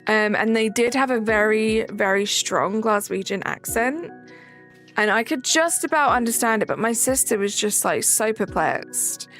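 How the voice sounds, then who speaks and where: A woman's voice: on the high side, animated, a little slow, a bit bright, faint music behind. A young woman streaming a game, chatting casually and answering chat messages aloud.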